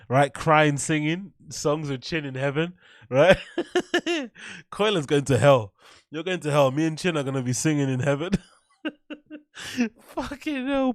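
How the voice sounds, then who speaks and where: A man's voice: on the high side, no room sound, studio quality. A man hosting a casual livestream, rambling, swearing freely and answering his chat. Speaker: livestream host.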